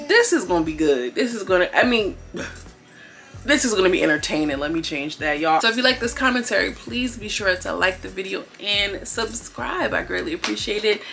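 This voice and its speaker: A woman's voice: on the low side, gravelly, bright, forceful tone. A woman giving a casual, gossipy recap of a reality TV episode, chatting to her viewers and laughing often.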